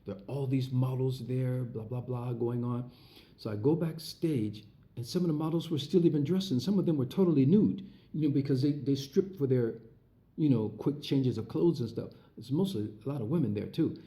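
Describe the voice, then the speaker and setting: A man telling a personal story in casual talk, acting out the voices of others as he goes and filling pauses with lots of uhs. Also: medium pitch. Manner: animated storyteller, acts out quoted voices; frequent fillers and restarts. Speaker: entertainer recounting his past. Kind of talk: casual spoken anecdote.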